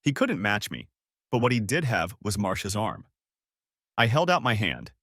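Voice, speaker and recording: A man narrating a first-person story as an audiobook, in an expressive storytelling way. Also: fairly low pitch, normal speed, no echo, clean studio sound.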